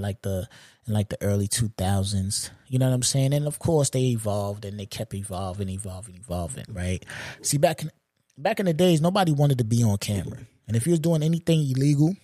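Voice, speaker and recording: A man in his forties hosting a solo podcast, ranting in a loose, profane, animated way and laughing at his own jokes. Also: mid-range voice, no room sound, clean studio sound. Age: 40s. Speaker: podcast host. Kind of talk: solo comedic podcast rant.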